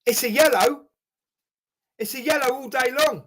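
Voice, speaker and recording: A man hosting a live football watchalong, reacting with animated exasperation and calling everyone "mate". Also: very high-pitched, moderate pace, breathy edge. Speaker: watchalong host.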